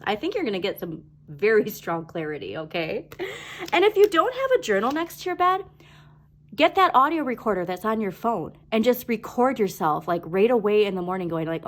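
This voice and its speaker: A woman doing a casual tarot reading to camera, bubbly and chatty, with many fillers and quick laughs. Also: mid-range voice. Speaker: tarot reader.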